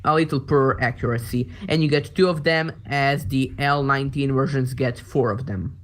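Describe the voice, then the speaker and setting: A man from former Yugoslavia chatting about a game, halting and searching for words as he talks. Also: on the high side, a little hiss or hum. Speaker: co-host translating unit names. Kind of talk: casual gaming chat.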